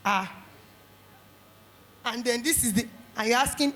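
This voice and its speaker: A middle-aged woman with a Nigerian accent giving a lively motivational talk at an education conference, acting out little scenes. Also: a little high, moderate pace, long pauses, echoey room. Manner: animated, acts out little scenes in quoted voices.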